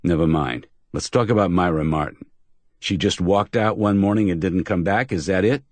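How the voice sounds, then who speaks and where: A hard, no-nonsense detective who presses with short, blunt demands, as a man voices him. His voice is husky and close, in a hardboiled crime audiobook. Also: low voice, moderate pace, darkish tone, no echo. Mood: curt. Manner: curt and demanding. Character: tough, blunt male private investigator.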